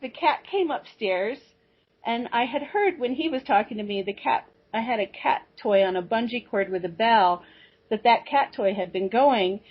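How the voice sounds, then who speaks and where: A woman guest telling a personal story in a rambling, animated way, with restarts and asides. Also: fairly high pitch, moderate pace, husky. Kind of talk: personal storytelling on a talk show. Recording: dull lo-fi audio.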